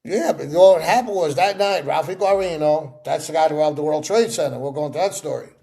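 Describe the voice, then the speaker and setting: Gravelly man telling stories animatedly. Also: on the high side, brisk. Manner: animated storyteller acting out quoted voices. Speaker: interview guest. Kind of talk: sit-down interview storytelling.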